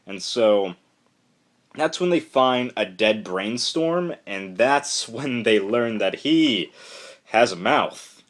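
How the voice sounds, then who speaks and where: A young man giving a casual, rambling spoken review of a comic, retelling the plot excitedly with lots of fillers. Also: fairly low pitch, slow pace.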